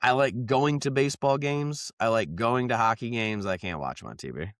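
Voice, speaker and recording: A man's voice: mid-range voice, expressive, moderate pace, dry recording, studio quality. A man co-hosting a podcast, chatting casually in a rambling, profane way and laughing often. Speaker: podcast co-host. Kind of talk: casual banter. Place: South Carolina.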